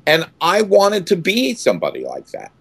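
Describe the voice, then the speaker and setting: A man in his sixties, an actor being interviewed, telling stories with much animation, acting out quotes with sudden loud outbursts and many restarts. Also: high-pitched, huge pitch swings, moderate pace, creaky, husky, dry recording.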